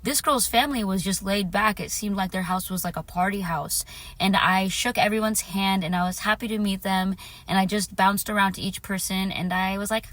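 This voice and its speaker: A woman's voice: medium pitch, fairly bright tone. Brief: woman vlogger, earnest and affirming, casual storytelling to camera, mid-range voice. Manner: earnest, repeats phrases for emphasis; affirming, speaks directly to viewers. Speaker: spiritual vlogger.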